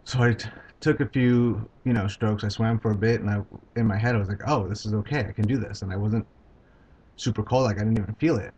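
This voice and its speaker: A man vlogging about his own experience, talking in a halting, hesitant way with many pauses and restarts. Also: fairly low pitch, fairly even intonation, darkish tone, husky. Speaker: video blogger. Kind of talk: casual personal recount. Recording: dull lo-fi home video sound.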